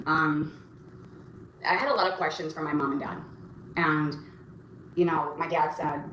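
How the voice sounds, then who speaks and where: A young woman hosting a casual livestream and answering chat, talking in a rambling, halting way with many fillers and restarts. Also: deep voice, fairly even intonation, fairly bright tone. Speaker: livestream host reading chat. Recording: roomy echo, faint background noise.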